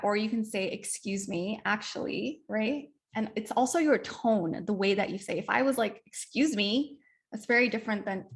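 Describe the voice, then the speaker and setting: Animated Canadian woman leading a workshop. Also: on the high side. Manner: animated, repeats "right?", acts out example phrases. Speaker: workshop presenter. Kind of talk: online workshop teaching.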